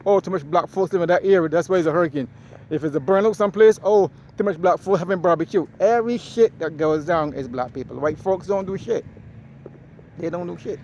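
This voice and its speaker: A man's voice: fairly high pitch, a little mellow, slight background noise. A man vlogging as he walks outdoors in a park, talking in a blunt, emphatic, preachy way. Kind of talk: casual walking monologue.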